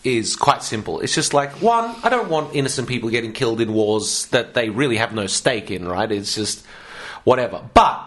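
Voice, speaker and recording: A man co-hosting a casual comedy podcast, riffing loudly on absurd hypotheticals and swearing freely. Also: medium pitch, animated, moderate pace. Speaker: co-host.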